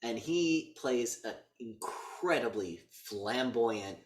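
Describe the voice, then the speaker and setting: A man co-hosting a podcast, retelling a movie's plot in casual chat and slipping into quick voice impressions. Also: medium pitch, expressive. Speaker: podcast co-host. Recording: roomy echo, mic a bit distant.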